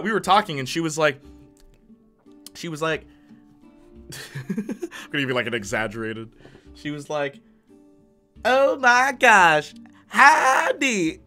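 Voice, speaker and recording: Young male streamer, lively and bright-toned, chatty, stumbles over repeated words, faint music underneath. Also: a little high. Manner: laughs often between remarks. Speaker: live streamer. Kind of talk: casual live-stream chat.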